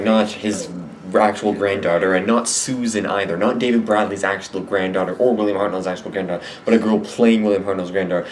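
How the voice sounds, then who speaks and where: A man's voice: fairly low pitch, a little hiss or hum. A man giving a casual, rambling and jokey review of a show at home, often correcting himself. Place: at home with a cat on his lap.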